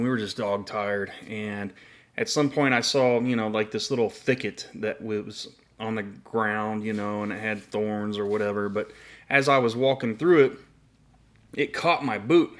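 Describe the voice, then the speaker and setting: A man's voice: medium pitch, fairly bright tone. Middle-aged man, casual faith testimony, loose and rambling, everyday mid-range voice. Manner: rambling, many fillers and restarts. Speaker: Christian video host.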